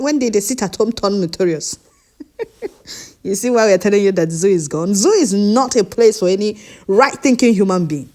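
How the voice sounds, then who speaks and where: A woman's voice: medium pitch, mellow. A woman reading out news reports and breaking off with mocking comments and frequent laughter. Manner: laughs often, mocking asides.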